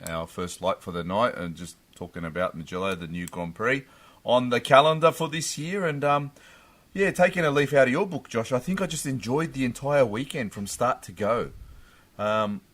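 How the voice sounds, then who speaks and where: A man's voice: fairly low pitch, fairly bright tone. A man, co-hosting a casual podcast, enthusiastic and laughing often. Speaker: podcast co-host. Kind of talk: casual chat.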